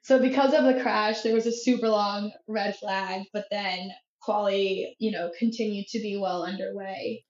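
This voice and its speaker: A woman's voice: medium pitch, normal speed, few pauses. Chatty young woman in an echoey room. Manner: chatty, many "like" fillers, excitable. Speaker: podcast co-host. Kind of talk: casual chat. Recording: echoey room, dull lo-fi sound.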